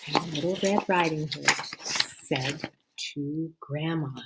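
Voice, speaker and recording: A woman reading a children's story aloud, stopping to ask the listening children questions and often dropping to a hush. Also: deep voice, slow.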